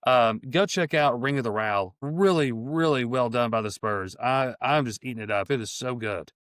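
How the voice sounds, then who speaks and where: A man's voice: medium pitch, normal speed, fairly bright tone, no room sound, clean studio sound. A middle-aged man co-hosting a casual sports podcast, talking with enthusiasm and many restarts. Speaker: podcast co-host.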